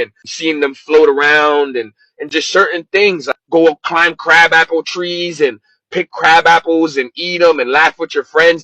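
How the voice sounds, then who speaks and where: A man's voice: fairly high pitch, sharp tone, no echo, rough recording. A man giving emotional personal testimony, passionately questioning his younger self over and over. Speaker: speaker sharing his life story.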